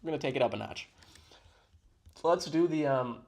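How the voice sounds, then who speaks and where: Male reaction host, dry mock-praising tone, pitch swinging widely. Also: expressive, fairly quick, a little mellow. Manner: mock-admiring, dry sarcasm. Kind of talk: sarcastic reaction commentary.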